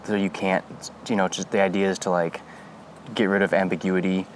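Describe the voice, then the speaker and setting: Lowish-voiced man joking on a podcast. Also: fairly quick, slight background noise. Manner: animated, joking, lots of fillers. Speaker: podcast co-host. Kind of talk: casual chat.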